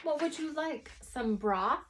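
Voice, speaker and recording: A woman reading a chapter book plays a fussy, doting mother who coos over her son. The voice is sweet and lifted a little higher than plain reading. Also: animated, takes it slowly, fairly bright tone, exaggerated voice. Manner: sweet, cooing.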